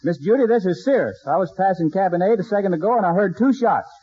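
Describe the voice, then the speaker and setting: An actor playing an earnest young errand boy with a husky voice in a 1940s radio sitcom, on a dull old broadcast recording. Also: high-pitched, lively intonation, fast, mellow. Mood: urgent.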